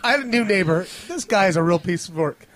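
A man co-hosting a comedy podcast, telling a profane story with animated energy and acting out his own reactions. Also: sits high, quick pace.

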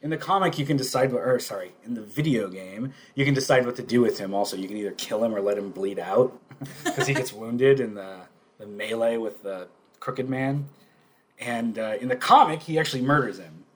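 Podcast co-host, male, animated, laughs a lot between points. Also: mid-range voice, brisk. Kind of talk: casual chat.

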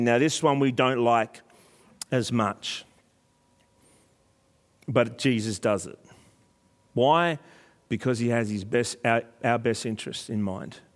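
Man preaching a lively sermon. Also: medium pitch, big-room sound. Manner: animated storytelling, acts out quoted voices. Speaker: pastor.

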